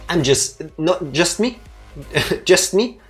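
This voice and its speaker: A woman's voice: lowish voice, animated, slow pace, faint music behind. A woman with a Danish accent co-hosting a let's play, chatting casually in a playful, teasing way with theatrical asides. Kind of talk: casual chat over gameplay.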